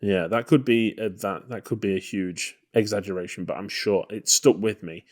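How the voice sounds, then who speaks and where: Lowish in pitch, steady in tone and moderate in pace, a man co-hosting a podcast chats about a film. He keeps things loose and noncommittal, sprinkling in plenty of "you know" and "kind of."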